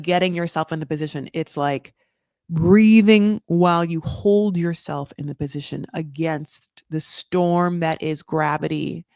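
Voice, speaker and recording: A woman in her thirties from California with a low alto voice talks in loose, animated casual chat. She swears freely, laughs, and trails off mid-thought. The recording is close and dry, with no room sound. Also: creaky, no echo. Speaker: podcast host recapping reality TV.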